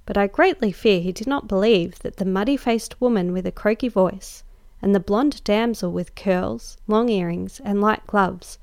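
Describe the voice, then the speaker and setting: A woman narrating a classic story in a measured, expressive audiobook style. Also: medium pitch, gravelly, no room sound. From Australia. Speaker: guest host, story narrator.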